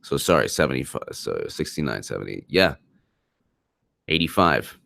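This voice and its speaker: A man with a low, deep voice runs a political live stream, speaking emphatically and often repeating his points. He stops to answer viewer comments. The sound is dry and close, with no room echo. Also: big pitch swings, moderate pace, gravelly, sharp tone. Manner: emphatic, repeats himself, reads super chats aloud.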